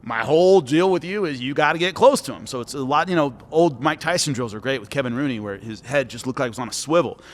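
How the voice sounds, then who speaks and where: A man, a former fighter and commentator, giving coaching advice and telling lively stories in a podcast chat, acting out what people said. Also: medium pitch, quick pace, few pauses. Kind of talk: animated storytelling in a podcast chat. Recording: long hall reverb.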